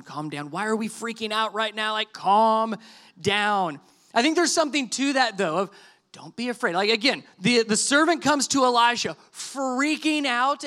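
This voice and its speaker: A middle-aged male pastor delivers a conversational sermon with a high, bright voice. He slips easily into acting out quoted lines and keeps his tone lively. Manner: conversational, animated preaching with quoted dialogue.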